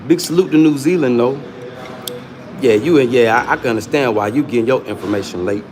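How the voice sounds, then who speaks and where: A man's voice: medium pitch, fairly quick, noisy background. A man with hosting a livestream, taunting and arguing with users in his chat in a casual, combative way. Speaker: livestream host.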